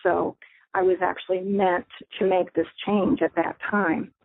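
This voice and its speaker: Gravelly middle-aged woman on a phone line. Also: fairly low pitch, flat delivery, a little slow, no room sound. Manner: earnest, reflective, with small laughs. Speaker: radio host. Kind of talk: personal storytelling. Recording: thin phone-line audio, dry.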